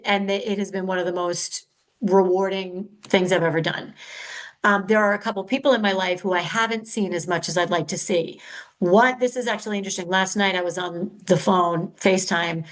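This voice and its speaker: On her casual solo podcast, a middle-aged host speaks in a mid-range voice, candid and chatty, slightly frenetic, often correcting herself. Audio quality is poor.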